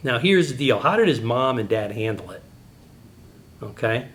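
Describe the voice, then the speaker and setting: A middle-aged man giving a Christian apologetics teaching talk, telling animated, digressive personal stories with sudden jumps in pitch. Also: normal speed.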